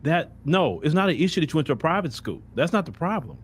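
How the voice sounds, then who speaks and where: A man's voice: a little high, very animated, quick pace, a little hiss or hum. A man hosting a web commentary show, blunt and mocking, speaking straight to the person he criticizes. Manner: blunt, mocking, addresses the subject directly. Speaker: host.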